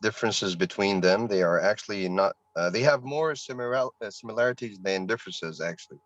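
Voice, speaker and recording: A man's voice: lowish voice, fairly quick, dry recording. Hesitant man on a dull video call. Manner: hesitant, many fillers. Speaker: student. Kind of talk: casual online class chat.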